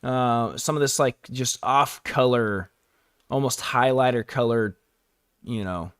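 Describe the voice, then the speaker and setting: A man's voice: mid-range voice, slow, clean tone, no echo, clean studio sound. A man giving a casual, rambling live-stream recap, full of fillers and chuckling asides.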